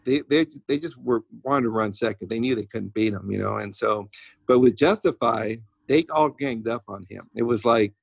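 A man's voice: mid-range voice, moderate pace, gravelly, husky, no echo. A man who trains racehorses, a podcast guest telling stories in a rambling way with many restarts. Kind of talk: casual interview talk.

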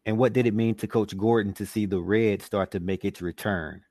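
A man's voice: lowish voice, fairly even intonation, normal speed, a little mellow, no room sound. A man interviewing guests, asking brief prompting questions.

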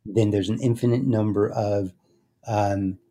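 A man speaking as an interview guest in a slow, meditative way, often trailing into soft, quiet chanting. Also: lowish voice, steady tone. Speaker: guest, speaker and success coach. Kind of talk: casual interview talk.

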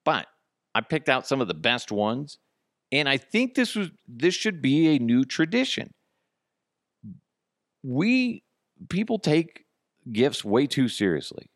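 A man's voice: mid-range voice, big pitch swings, takes it slowly, pauses often, dry recording, clean studio sound. A man hosting a podcast, in a casual comic monologue full of swearing and jokey asides. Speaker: podcast host.

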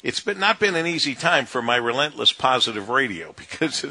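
Bright-voiced male radio host. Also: mid-range voice, very animated, fairly quick. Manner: friendly, chatty, with frequent fillers. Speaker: radio talk show host. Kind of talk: radio interview.

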